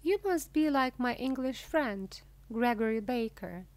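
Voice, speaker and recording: A woman reading a humorous story aloud as scripted narration, slowly and clearly. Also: on the high side, animated, no room sound. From Russia. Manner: slow, clear, deliberate reading. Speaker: audiobook reader. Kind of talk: scripted narration of a graded reader.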